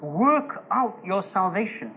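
A man preaching a conversational sermon to a congregation, telling personal stories gently and with humor, chuckling now and then. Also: high voice, big pitch swings, takes it slowly. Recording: dull lo-fi recording with faint noise.

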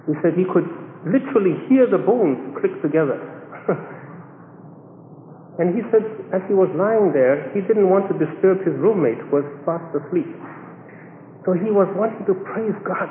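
A man with a high voice tells a sermon story with animated delivery, acting out the people he quotes. The sound is thin and phone-like, caught in a big echoing hall with long reverb. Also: moderate pace, pauses often, slight background noise. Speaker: preacher. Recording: echoey hall, phone-like band.

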